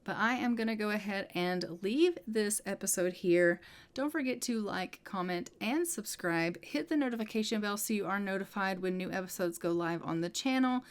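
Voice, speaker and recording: A woman's voice: medium pitch, moderate pace, clean tone. A woman telling the story of her gameplay in a chatty, casual way, with many fillers. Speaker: gameplay video creator.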